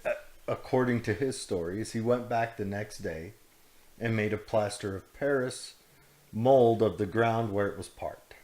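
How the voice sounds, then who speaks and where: A man's voice: on the low side, moderate pace, darkish tone. A man co-hosting a podcast, telling a story in a rambling, jokey way, often breaking into laughter. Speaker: podcast co-host. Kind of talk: casual chat.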